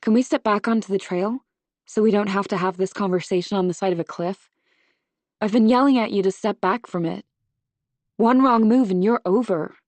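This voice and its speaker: A woman's voice: medium pitch, normal speed, a little mellow, dry recording, natural voice. A woman reading the lines of an anxious young woman in an audiobook, urgent and earnest.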